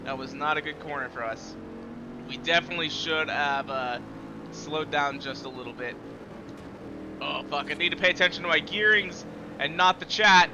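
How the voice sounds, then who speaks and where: Excitable man streaming a race. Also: on the high side, normal speed, lo-fi sound. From United States. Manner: excitable, profane trash talk at rivals. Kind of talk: live gameplay commentary. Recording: loud game engine noise underneath. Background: racing game car engines.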